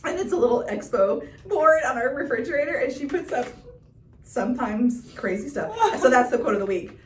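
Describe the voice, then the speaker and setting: A woman's voice: high voice, animated, fairly quick. A middle-aged woman co-hosting a podcast, telling a story in casual chat, laughing often and acting out quotes. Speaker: podcast co-host. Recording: roomy sound, distant mic, faint noise.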